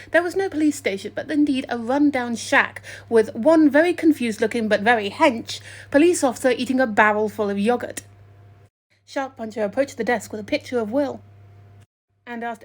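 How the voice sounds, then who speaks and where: A woman's voice: a little high, a little fast. A woman narrating a comic story with wry, playful asides.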